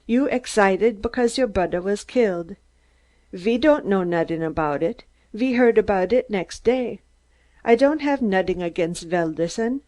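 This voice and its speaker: A woman's voice: medium pitch, warm tone, lightly acted. A woman reading an audiobook, voicing a heavyset, unsmiling man who speaks broken English and makes threats. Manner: menacing, ungrammatical speech.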